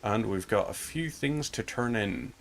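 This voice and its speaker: A man's voice: medium pitch, measured pace, creaky. Laid-back man commentating gameplay. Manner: chatty, talks to himself while playing. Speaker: gaming streamer.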